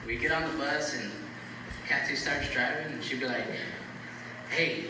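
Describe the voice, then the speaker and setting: A man's voice: medium pitch, moderate pace. A middle-aged man, a bus operator, giving a farewell speech full of funny stories and frequent laughter, recorded from a distance. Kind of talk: eulogy anecdote speech. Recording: echoey room recorded from afar, loud ambient noise.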